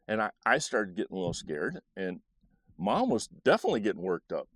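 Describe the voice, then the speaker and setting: A middle-aged man telling a personal story, recalling it in a halting way with frequent restarts. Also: on the low side, no room sound, clean studio sound. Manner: animated, halting recollection with restarts.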